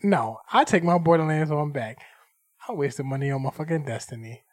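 A man's voice: on the high side, moderate pace, dry recording, clean studio sound. A man in casual chat, teasing the others and asking them questions.

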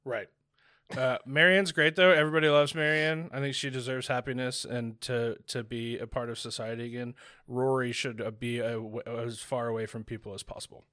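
A man chatting on a podcast, opinionated and quick to react. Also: mid-range voice, little pitch movement, pushed and bright, no echo, studio quality. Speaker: podcast co-host. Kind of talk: casual chat.

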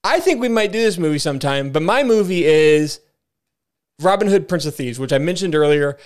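A man's voice: a little high, expressive, brisk. A man co-hosting a podcast, chatting casually and enthusiastically about movies and often restarting his sentences. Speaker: podcast co-host.

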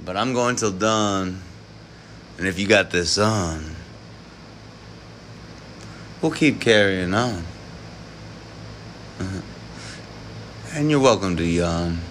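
Slow, low-voiced man rambling in rhyme. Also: lively intonation, a bit bright, a little hiss or hum. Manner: rambling, preachy, improvised rhymes with chuckles. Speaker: live streamer. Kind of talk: late-night live-stream rhyming monologue.

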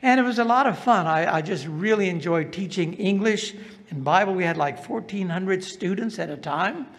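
A man's voice: high-pitched, expressive, moderate pace, big-room sound. An older man from the American South with a Southern accent, telling his life story as a testimony and asking the audience questions. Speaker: speaker giving a testimony. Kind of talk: personal testimony talk.

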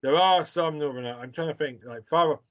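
A man's voice: a little high, fast talker, a bit bright, muffled recording. A man co-hosting a casual chat, teasing and bantering with plenty of likes and fillers. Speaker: podcast co-host.

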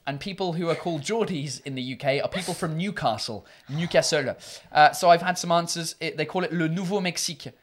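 Woman, casual host, slightly low voice, joking and swearing. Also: a little fast, hardly any pauses. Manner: playful, swears freely, laughs often. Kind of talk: casual chat, switching between English and French.

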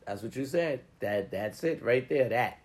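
A man's voice: mid-range voice, animated, unhurried. A man giving a casual, profane pep talk to listeners, swearing freely and acting out grumbling inner voices. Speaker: motivational talker.

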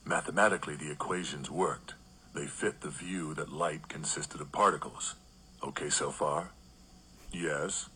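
A man reading an audiobook, voicing a male expert who explains physics in a gruff, flat monotone. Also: rumbling low, a little slow, slight background noise, heavily acted. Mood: lecturing. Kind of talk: audiobook narration.

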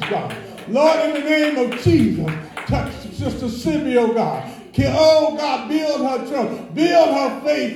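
Fervent high-voiced man praying in echoey church. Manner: repetitive, fervent, rising into shouts of praise. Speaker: prayer leader in church. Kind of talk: fervent spoken prayer. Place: church sanctuary.

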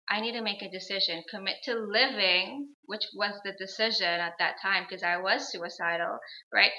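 A woman's voice: mid-range voice, bright, forceful tone, rough recording. A woman in her thirties, a guest on an interview show, telling a personal story in an earnest, reflective way and repeating phrases for emphasis.

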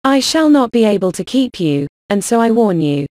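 A woman's voice: mid-range voice, very animated, moderate pace, darkish tone, no room sound, studio quality, natural voice. A woman voicing a fretful, self-pitying middle-aged mother in an audiobook, whining and dramatic. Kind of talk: audiobook character reading.

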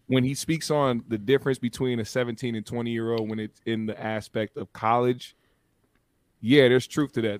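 A man in casual podcast chat with a voice of middling pitch and a dry, close sound. He lays out his opinions in a measured, plain way. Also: clean tone, no echo. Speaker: podcast co-host.

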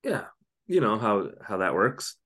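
A man's voice: on the low side, sing-song, measured pace, fairly bright tone. A man co-hosting a podcast, casually retelling a TV episode with lots of fillers and asides. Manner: rambling, filler-heavy retelling. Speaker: podcast co-host. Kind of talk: casual chat recapping a TV episode.

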